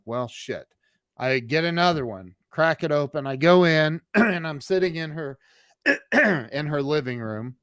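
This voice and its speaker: A man from the United States tells a long personal story over a call, halting and restarting often. His pitch sits in the middle for a man. The sound is very dry and close. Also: no room sound. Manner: halting, many restarts and fillers. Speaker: guest. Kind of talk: storytelling in an interview. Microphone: remote call.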